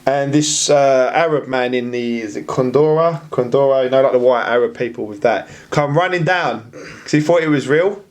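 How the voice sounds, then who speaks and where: A man telling a story on a podcast in casual chat, acting out the voices of the people he quotes. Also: moderate pace. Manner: animated, acts out quoted voices with big pitch jumps. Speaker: podcast guest.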